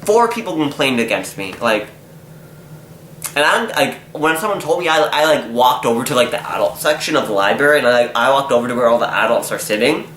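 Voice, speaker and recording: Young man, bright voice, exasperated storyteller in an echoey room. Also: medium pitch, a little fast. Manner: animated, exasperated, acts out quotes. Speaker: vlogger. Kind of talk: casual storytelling vlog. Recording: echoey room, faint noise.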